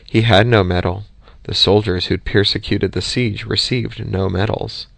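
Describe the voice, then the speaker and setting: A man reading an audiobook in a steady, measured way, close to the mic. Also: on the low side, gravelly, no echo. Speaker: audiobook reader. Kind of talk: audiobook narration.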